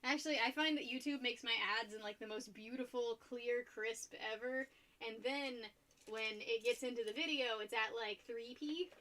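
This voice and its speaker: A young woman streaming while she paints, chatting casually, rambling and laughing often, and getting loud when excited. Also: on the high side, moderate pace, a little hiss or hum.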